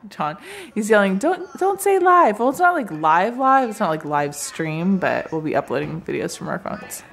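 A woman's voice: lowish voice, creaky. A young woman hosting a casual vlog, tired and in pain, talking to the camera from a couch at home. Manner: tired, resting on a couch, talks with laughs. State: in pain from contractions. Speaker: vlog host. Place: living room at home.

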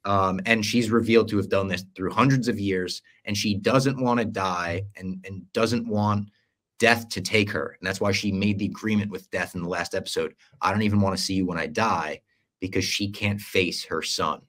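A young co-host of a casual podcast delivers a long recap of a series, performing quoted lines with animated flair. He speaks at a moderate pace, and his voice sits on the low side.

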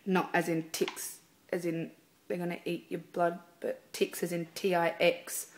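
A woman's voice: lowish voice, flat delivery, unhurried. A woman, a singer, chatting casually in a video blog from a theatre dressing room, rambling with lots of fillers. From Australia.

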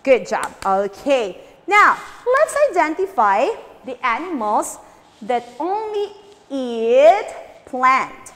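Lively high-voiced woman teacher, slow and reverberant. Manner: drills words with repetition and coaxing. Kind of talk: e-learning lesson for young children.

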